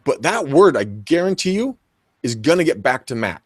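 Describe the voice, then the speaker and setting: Animated man acting out sales conversations. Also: mid-range voice, normal speed, no room sound. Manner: animated, acts out both sides of conversations. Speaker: real estate agent co-host. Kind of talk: energetic coaching talk with acted dialogue.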